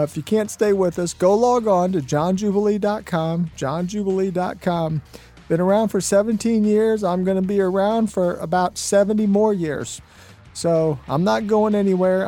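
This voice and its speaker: High-voiced earnest male radio host. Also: mellow. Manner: earnest, storytelling, many fillers. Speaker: radio talk show host. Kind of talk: motivational radio talk.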